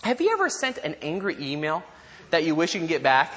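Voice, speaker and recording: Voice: mid-range voice, wildly swooping pitch, fairly quick, fairly bright tone. A pastor preaching a sermon in a conversational way, with joking asides to the congregation and repeated lines said together. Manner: leads call-and-response repetition.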